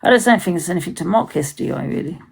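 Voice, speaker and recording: A woman with a gravelly, raspy voice talks in a loose, rambling way. She swears freely and keeps restarting her sentences. It sounds like a casual livestream chat. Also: on the low side, lively intonation, rapid-fire, poor audio.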